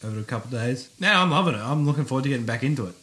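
A man's voice: medium pitch, lively intonation, very fast, a bit bright. Man, casual podcast co-host, easygoing and sweary. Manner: laid-back, swears freely, repeats himself. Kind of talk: casual chat.

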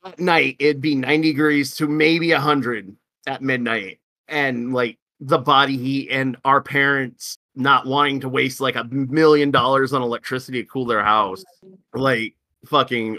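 A man with a bright, forceful voice rants through a casual gaming podcast. He swears constantly and leans on "like" as filler, and the sound is dry and close. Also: medium pitch, no echo. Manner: heavy swearing, lots of "like", ranting. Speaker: podcast co-host.

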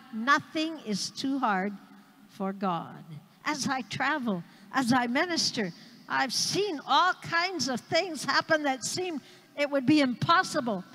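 A fairly high-voiced woman evangelist preaches in an unhurried, deliberate rhythm. She stresses and repeats her key phrases for the congregation. Her voice rings out with a long reverb tail in a church hall. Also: a bit bright. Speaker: missionary evangelist. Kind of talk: sermon.

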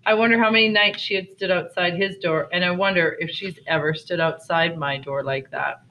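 A teacher reading a novel aloud to children, pausing to explain the story, on a dull lo-fi recording. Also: medium pitch, fairly even intonation, slight background noise.

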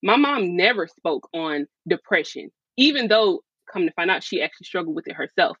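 A woman's voice: lowish voice, animated, moderate pace, fairly bright tone, husky, dry recording. A woman guest on a podcast interview, telling her own story frankly in casual talk full of fillers. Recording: slightly dull, dry sound.

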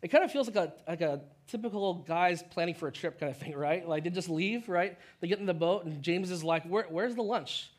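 Speaking high-pitched and conversationally, a man preaches as pastor, slipping into quick impressions of the characters in the story he tells.

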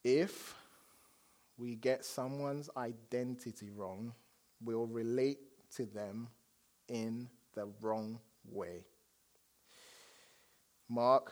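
A man preaching a sermon as a pastor, telling stories with dramatic swings from loud declarations to hushed asides. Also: mid-range voice.

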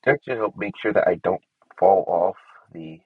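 A man's voice: low-pitched, lively intonation, normal speed, slightly rough, dry recording, phone-quality sound. A man giving casual commentary to himself while he builds in a game. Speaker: gameplay streamer.

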